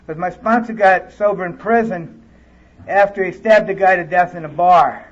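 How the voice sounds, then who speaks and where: A man's voice: high-pitched, moderate pace. A man speaking candidly at a recovery conference, telling his story in plain, earnest words. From California. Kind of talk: personal recovery talk. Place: conference hall, live audience. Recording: dull lo-fi tape recording.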